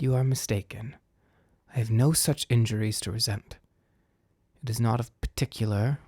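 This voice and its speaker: A man's voice: medium pitch, creaky, a little mellow, no echo, studio quality. A man voicing an earnest, sensible young woman.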